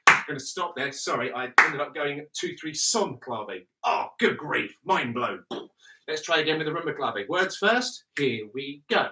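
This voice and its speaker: A man's voice: a little high, animated, measured pace. Upbeat man chanting rhythms. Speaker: body percussion teacher. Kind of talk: online music workshop. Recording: distant mic with clear background noise.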